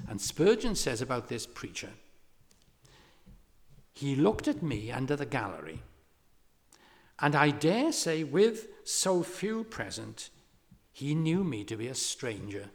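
Animated preacher man in a reverberant hall. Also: medium pitch, moderate pace, creaky. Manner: animated storytelling preacher, rising to impassioned exhortation. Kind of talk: sermon.

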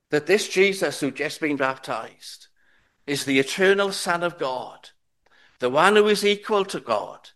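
A middle-aged man preaching a sermon to his congregation, slow and deliberate, asking rhetorical questions. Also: high-pitched, a bit bright. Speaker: pastor.

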